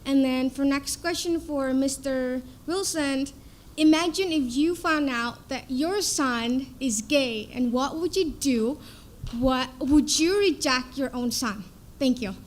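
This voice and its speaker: A young adult woman asking a quick, earnest, slightly hesitant question from the audience. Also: high voice. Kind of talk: question from the floor.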